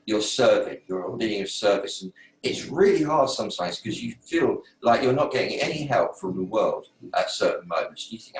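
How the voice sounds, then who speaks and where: A man hosting an online meeting, telling a personal story in a casual, animated way and acting out his own thoughts. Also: fairly low pitch, fairly quick. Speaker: host. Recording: roomy sound from a distant mic.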